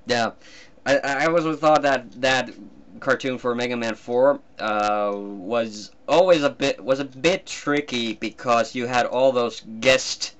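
A man's voice: mid-range voice, unhurried, a bit bright. A man from Finland, a guest cartoonist talking in a casual commentary chat, hesitant and often breaking into laughs.

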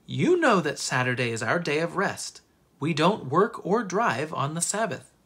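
A storybook reader voicing a father who speaks quietly but firmly. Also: mid-range voice, sing-song, unhurried, slightly rough, full character voice. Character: stern, firm father.

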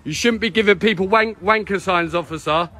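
A man's voice: high voice, a little fast, bright, forceful tone. A man arguing heatedly on a street, insistent and repeating himself, recorded on a handheld phone. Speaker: protester.

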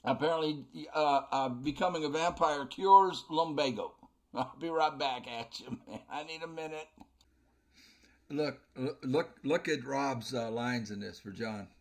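Commenting on a video game as he plays, this let's play host speaks a little slowly in a medium-pitched voice. There's frequent laughter, and he stumbles over filler words.

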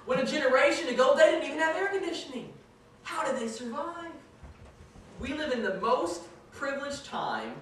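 A male pastor with a high, fairly bright voice preaches a sermon in a church sanctuary, telling stories with jokes and self-deprecating humor. He's recorded from far off in the echoey room, with noise in the background.

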